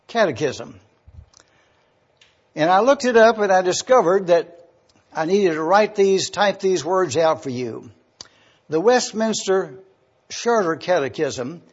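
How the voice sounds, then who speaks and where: An older man preaching a sermon, slowly asking questions and repeating his points. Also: sits high, husky. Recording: dull lo-fi recording.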